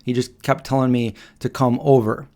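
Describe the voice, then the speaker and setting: A man in his forties hosting a live Q&A stream, telling stories in a rambling, halting way with many pauses and restarts. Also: mid-range voice, flat delivery, mellow. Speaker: livestream host. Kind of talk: casual storytelling on a live Q&A stream.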